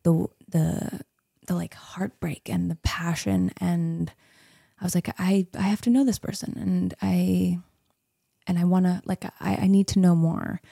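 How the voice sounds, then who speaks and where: A woman's voice: fairly low pitch, level tone, measured pace, creaky, mellow, slightly rough, dry recording, clean studio sound. A woman in her thirties, a podcast guest, chatting casually and telling a story with frequent laughs. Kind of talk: casual interview chat.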